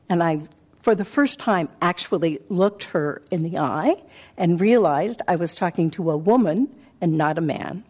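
A woman meditation teacher giving a dharma talk, telling a personal story in a reflective, halting way with soft pauses. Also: on the low side. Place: meditation center hall.

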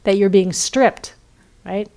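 A woman meditation teacher giving a gentle dharma talk, often checking in with listeners and trailing off softly. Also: mid-range voice, slow. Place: retreat center.

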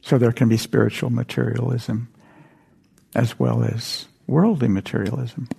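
Gravelly older man giving a dharma talk. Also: mid-range voice, fairly even intonation. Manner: gentle, halting storytelling with frequent whispered asides. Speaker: meditation teacher. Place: meditation center hall.

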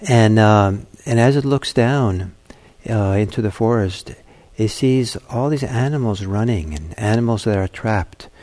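A man, a meditation teacher, giving a dharma talk and telling a fable in a gentle, halting way. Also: on the low side.

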